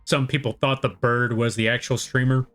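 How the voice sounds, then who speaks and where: Chatting with his audience as he draws live, a young man from the United States wanders through topics and pokes fun at himself. He speaks at a normal speed in a flat, mid-pitched, slightly bright voice, over soft background music.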